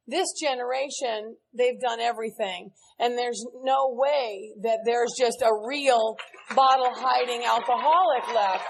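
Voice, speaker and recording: A woman's voice: fairly high pitch, slight background noise, poor audio. Earnest woman speaking at a recovery meeting. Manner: earnest, candid, blunt. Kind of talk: recovery speech to a live audience. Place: large meeting hall with audience.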